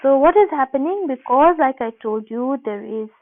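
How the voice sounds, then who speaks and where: A woman with a slightly high voice and lively intonation teaches geography in a recorded online class, taking students through each step at a normal pace. She explains carefully, repeats her points, and says "uh" and "um" often. The audio is thin and tinny, like a phone line.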